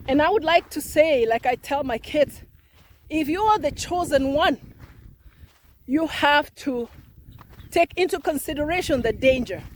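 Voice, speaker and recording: Impassioned high-voiced woman vlogger. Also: a little mellow, slight background noise. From Africa. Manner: impassioned, emphatic, counting off numbered points. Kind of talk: opinion commentary vlog.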